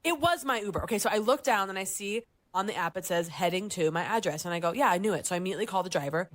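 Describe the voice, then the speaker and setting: A woman in her thirties co-hosting a podcast, telling a story in a lively way and acting out the voices of people she quotes. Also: very fast, no echo. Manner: animated storyteller, acts out voices and jumps up high for quoted lines. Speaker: podcast co-host. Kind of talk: casual chat, telling a story.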